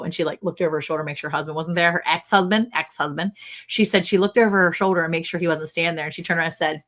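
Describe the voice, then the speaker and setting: A woman's voice: fairly low pitch, fast talker. Chatty woman telling a story. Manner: chatty storytelling, animated, laughs often. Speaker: livestream host. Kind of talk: casual livestream chat.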